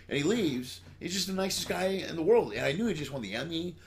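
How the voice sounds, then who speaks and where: A man hosting a casual podcast chat, quick to joke, swearing freely while he tells stories. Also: a little high, animated, creaky. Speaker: podcast host.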